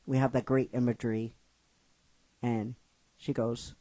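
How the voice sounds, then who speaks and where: A man retelling a fan-written story in an emotional storytelling recap, halting and restarting his phrases. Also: mid-range voice, little pitch movement, mellow, no echo, rough recording. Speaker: narrator retelling a fan script.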